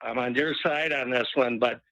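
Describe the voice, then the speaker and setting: A man's voice: medium pitch, steady tone, moderate pace, sharp tone, no room sound, low-quality recording. A man calling in to a sports talk show, chatty and wry, rambling a little as he talks. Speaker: regular caller. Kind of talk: call-in sports chat.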